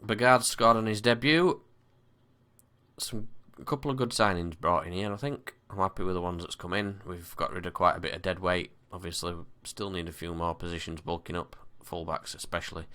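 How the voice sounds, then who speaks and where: A man casually commentating his own football management game, with excited bursts and weary sighs. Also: sits low, brisk, hardly any pauses, clean tone. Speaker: gaming commentator. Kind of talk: casual let's-play commentary.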